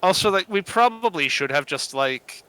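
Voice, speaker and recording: Bright, smooth-voiced man co-hosting. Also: sits high, expressive, moderate pace, no echo, poor audio. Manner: chatty, self-deprecating, laughs often. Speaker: co-host. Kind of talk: casual gaming stream chat.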